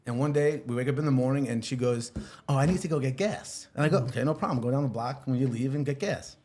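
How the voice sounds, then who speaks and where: A man telling a long personal story as a podcast guest, animated, swearing freely and acting out what people said. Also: mid-range voice, fast. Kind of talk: casual storytelling.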